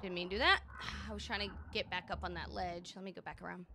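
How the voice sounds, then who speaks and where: A woman's voice: on the low side, steady tone, fast, vocal fry. A woman live-streaming a game, chatting playfully and greeting viewers as she plays. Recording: noisy background.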